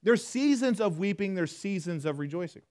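A man preaching a sermon in a church, talking to the congregation conversationally, self-deprecating, swinging from hushed to loud. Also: high voice, lively intonation, moderate pace, clear, resonant tone. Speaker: pastor.

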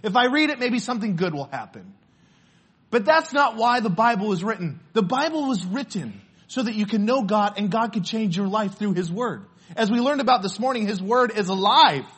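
A man's voice: sits high, lively intonation, normal speed, fairly bright tone, husky. A man preaching a sermon in church, earnest and storytelling, often restarting his words. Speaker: pastor.

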